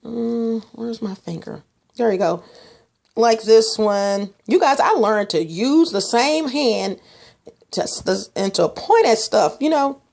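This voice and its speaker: A woman's voice: expressive, slow pace, vocal fry, darkish tone. A middle-aged woman from Texas talking casually to camera about faith and her skin products, rambling and restarting often. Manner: rambling, restarts a lot, mocks others in a higher voice. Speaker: vlogger selling skin products.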